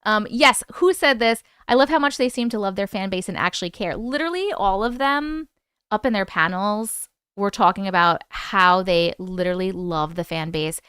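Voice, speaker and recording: A young woman hosting a casual live-stream chat, excited and chatty, swearing now and then. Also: medium pitch, moderate pace, smooth, no room sound, studio quality. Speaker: host.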